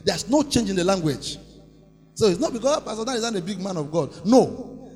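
A male pastor preaching a sermon, shouting and chanting lines for the congregation to repeat. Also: high-pitched, expressive, brisk, slightly rough. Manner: preaching with sudden shouts and sing-song rises, leading call-and-response. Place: church. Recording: echoey church hall with faint music.

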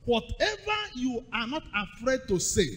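Man, preacher, sermon, high voice, swooping delivery, rhythmic repetition. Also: big pitch swings, a little slow, a bit bright, breathy edge, long reverb tail. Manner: call-and-response preaching, emphatic, rhythmic repetition.

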